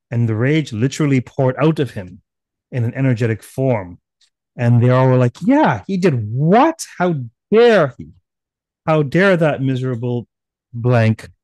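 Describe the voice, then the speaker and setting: A man giving a seminar lecture, retelling a myth in a lively way and acting out the characters' voices with sudden loud bursts. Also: on the low side, no echo. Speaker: seminar speaker. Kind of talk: animated storytelling lecture. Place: online seminar.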